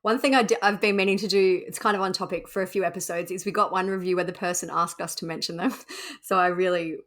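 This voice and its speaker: A woman's voice: lowish voice, steady tone, fast talker, a bit bright. A woman co-hosting a podcast in casual chat, friendly and giggly, thinking aloud as she talks. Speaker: podcast co-host.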